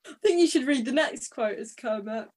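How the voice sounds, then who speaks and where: A woman co-hosting a podcast, teasing the others with quick interjections in casual chat. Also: on the high side, lively intonation, darkish tone.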